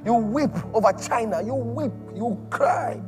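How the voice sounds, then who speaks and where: Male preacher, high voice, fervent and repetitive, soft music underneath. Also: expressive, unhurried. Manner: impassioned, repetitive, swings from loud to hushed. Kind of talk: sermon.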